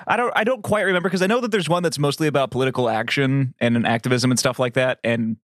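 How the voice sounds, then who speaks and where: A man's voice: medium pitch, quick pace, no room sound, studio quality. A man co-hosting a casual podcast, telling long rambling stories with plenty of swearing. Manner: rambling, profane storyteller. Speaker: podcast co-host. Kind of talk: casual chat.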